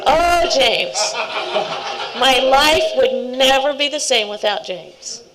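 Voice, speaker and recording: A woman's voice: high-pitched, expressive, takes it slowly, heavy background noise. A middle-aged woman, a scout leader, giving a rambling, heartfelt speech at a ceremony, with laughing asides.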